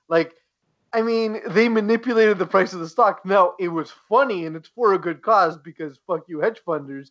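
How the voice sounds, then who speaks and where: A man hosting a casual podcast, joking and animated, often restarting his sentences. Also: high-pitched, moderate pace, highs cut off. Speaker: podcast host. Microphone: podcast mic, leans away at times.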